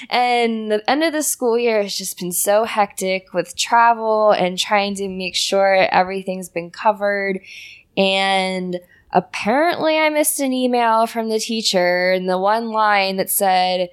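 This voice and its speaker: A woman's voice: mid-range voice, clear, resonant tone. A woman in casual podcast chat, telling stories about her daughter and laughing often. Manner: laughs often, animated storytelling.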